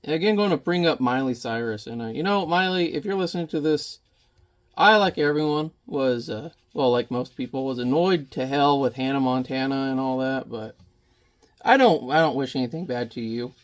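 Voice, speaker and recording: A man's voice: medium pitch, normal speed. A man in his thirties rambling and joking with mild swearing as he chats casually while painting at home. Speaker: painting vlogger.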